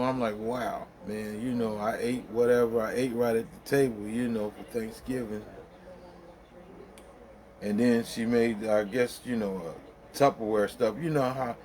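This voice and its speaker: A man's voice: mid-range voice, a little mellow. Rambling middle-aged man telling a story. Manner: rambling, colloquial, laughs through the story, lots of fillers. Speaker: vlogger. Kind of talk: casual storytelling.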